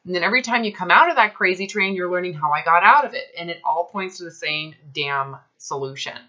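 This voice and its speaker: A woman's voice: on the low side, quick pace, sharp tone. Blunt, emphatic woman coach, lo-fi sound. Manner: emphatic, blunt, casual swearing. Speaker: health coach. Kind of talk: coaching session.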